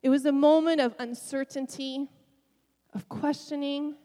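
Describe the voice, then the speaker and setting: A middle-aged woman pastor preaching a sermon, telling a personal story with emotion and soft laughs. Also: high-pitched, fairly even intonation, measured pace, big-room sound.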